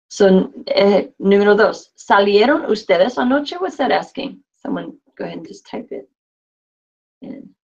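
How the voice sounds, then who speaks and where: A woman teaching a Spanish class, reading phrases slowly and translating them with patient explanations. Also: lowish voice, vocal fry, a little mellow, husky. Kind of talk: classroom instruction. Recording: dull lo-fi classroom recording.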